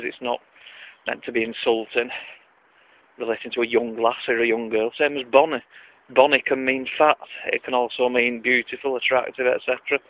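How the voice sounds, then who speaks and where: A man with a Wigan accent rambling through comic anecdotes in a dry, self-mocking way. His voice sits in a middle register. He is outdoors at night, and the sound is dull and lo-fi. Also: mid-range voice.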